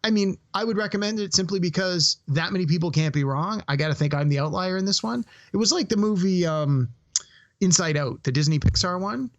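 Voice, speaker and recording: A man's voice: high voice, a little fast, highs cut off. A man co-hosting a podcast, giving his frank opinion of a movie in casual chat, with some hesitant restarts. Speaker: podcast co-host.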